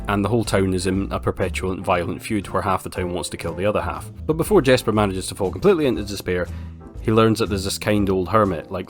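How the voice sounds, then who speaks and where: Low-voiced wry Scottish man. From Scotland. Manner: wry, blunt and sarcastic. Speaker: film reviewer. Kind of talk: casual film review monologue.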